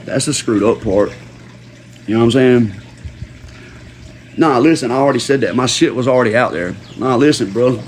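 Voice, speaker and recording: A livestream host in full rant mode, cursing freely and hammering the same phrases again and again. His voice sits at an ordinary middle pitch for a man, and a faint hiss of noise runs under it. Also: moderate pace, pauses often. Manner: profane, slangy, repeats himself for emphasis.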